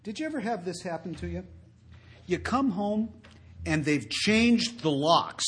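A man speaking to an audience about his drinking, telling wry stories in a conversational way that swells to loud emphasis. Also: high-pitched, sing-song, measured pace. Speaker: recovery speaker. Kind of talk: storytelling talk to an audience.

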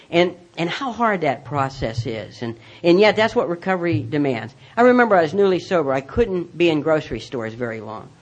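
A man's voice: a little high, dull audio. Rambling man telling his recovery story. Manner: rambling, with many restarts and self-mocking humor. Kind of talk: personal storytelling talk.

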